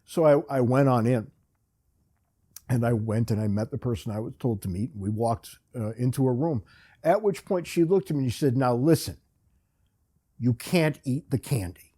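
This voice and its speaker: Mellow husky man telling wry stories. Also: medium pitch, lively intonation, moderate pace. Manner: wry, rambling, self-deprecating. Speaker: podcast host. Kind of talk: casual storytelling monologue.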